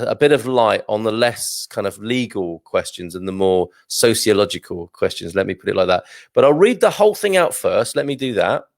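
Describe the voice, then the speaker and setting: A man's voice: fairly low pitch, dry recording, studio quality. A British man hosting a livestream, chatting casually and rambling as he reads out viewer comments, often chuckling at himself. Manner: rambling, chuckling, self-deprecating. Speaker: livestream host. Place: small studio.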